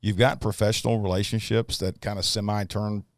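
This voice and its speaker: Deep-voiced halting podcast host. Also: male voice, flat delivery, no room sound, studio quality. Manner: halting, restarts often while framing points for the audience. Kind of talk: podcast interview talk.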